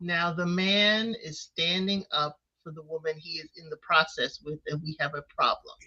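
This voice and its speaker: A woman co-hosting a casual recap show, talking in an expressive, playful way. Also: deep voice, moderate pace. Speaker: podcast co-host. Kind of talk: casual reality-TV recap chat. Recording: dull lo-fi sound.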